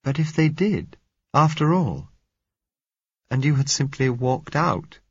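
A man reading an audiobook, voicing a quiet young woman under twenty who pleads softly and a little unsteadily. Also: mid-range voice, very animated, slow, slightly rough, no room sound, dull audio, voice pushed up, heavily acted. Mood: quiet pleading.

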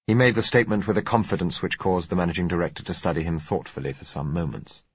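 A man narrating a novel in a measured, even storytelling manner, in a dull lo-fi recording. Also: sits low, breathy edge, dry recording. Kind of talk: audiobook narration.

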